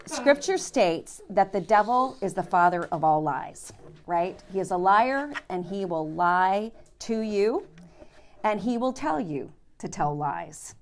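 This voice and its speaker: Middle-aged woman teaching a Bible study, a bit of fry in her voice, chatty, keeps asking "all right?". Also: mid-range voice, animated, takes it slowly. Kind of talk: teaching and prayer to a women's group.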